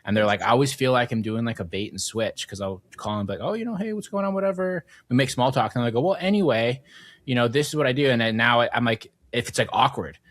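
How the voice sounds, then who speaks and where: A man's voice: mid-range voice, fairly even intonation, fast, hardly any pauses, fairly bright tone. A man hosting a podcast, talking frankly in casual chat. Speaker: podcast host.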